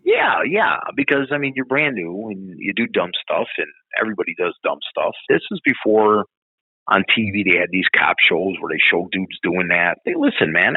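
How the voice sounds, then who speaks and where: Gravelly man telling stories over a tinny line. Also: fairly low pitch, no echo. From Chicago. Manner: blunt, profane, animated storyteller. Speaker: interview guest, former police officer. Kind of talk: casual storytelling.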